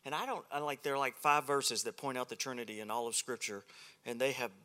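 A man's voice: mid-range voice, quick pace, pushed and bright. A man preaching a humorous sermon at a men's ministry, a self-deprecating and joking storyteller.

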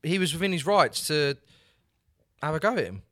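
Bright-voiced man arguing his case. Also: a little high, big pitch swings, normal speed, no room sound, clean studio sound. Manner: argumentative, jokey. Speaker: regular podcast pundit. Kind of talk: casual chat.

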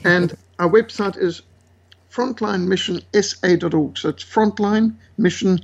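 In an interview, a guest from South Africa, a missionary author, tells animated stories with indignation, acting out quoted voices amid many fillers. His voice sits high and is slightly rough, with a steady tone and an unhurried pace. The recording is muffled.

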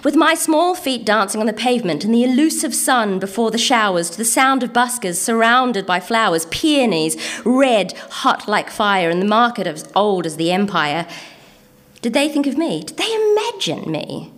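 Reading her own poetry aloud, this woman has an Antipodean accent and a fairly high, slightly bright voice with lively intonation. Her performance is rhythmic and measured with purposeful pauses, and her chat between pieces is relaxed and tentative.

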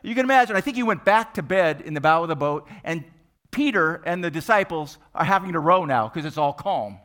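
A male pastor delivering a sermon, telling the story with animated energy and acting out the scenes. His voice sits a little high and rings bright and forceful. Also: a little fast.

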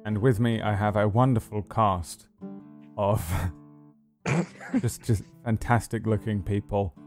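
A man's voice: lowish voice, steady tone, measured pace, long pauses, soft background music. A man hosting a live stream as dungeon master, chatting casually in a teasing, rambling way.

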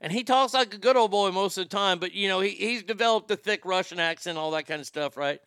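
A man hosting a comedy podcast, delivering an irreverent, rambling monologue with deadpan jokes. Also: high voice, fast talker, clean tone, no echo, clean studio sound.

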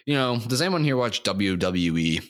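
A young man in his twenties with a deep voice rambles through a solo comedy podcast, his pitch leaping all over the place. He mocks himself and swerves into bursts of shouting and silly repetition, his throat sore from screaming. The sound is dry and close, with no room around him. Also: very animated, normal speed, no echo. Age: 20s. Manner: erratic, self-mocking, swings into shouting and silly sing-song bits. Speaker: podcast host.

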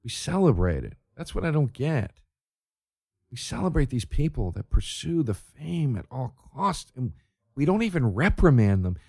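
A comedian in a profane, sarcastic rant, firing off one rhetorical question after another. His voice is mid-pitched, and the recording is dry and close, with no room echo. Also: big pitch swings, moderate pace, gravelly, dark tone, breathy edge.

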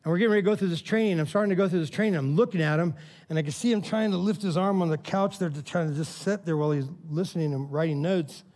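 This pastor's voice sits high and moves fast as he preaches in a casual, animated storytelling style. He keeps dropping "man" and "all right," then builds to loud, excited preaching.

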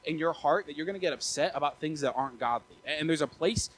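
A young man in his twenties preaches a relaxed sermon, his voice slightly high and husky. He talks in a casual, animated way, often stumbling and restarting his phrases as a pastor addressing his congregation. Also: fast, low-quality recording. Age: 20s.

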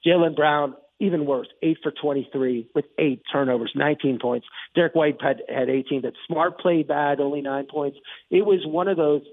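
A man hosting a sports talk show, recapping a game in a rambling, excited monologue full of restarts and asides. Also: on the high side, moderate pace, no echo. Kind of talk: casual sports commentary monologue. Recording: tinny phone-like radio line.

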